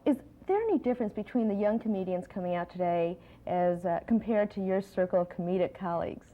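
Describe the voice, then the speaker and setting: A woman's voice: mid-range voice, expressive, a little fast. A woman interviewing a guest, laughing easily and keeping her prompts brief. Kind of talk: casual interview chat. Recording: dull lo-fi old TV recording.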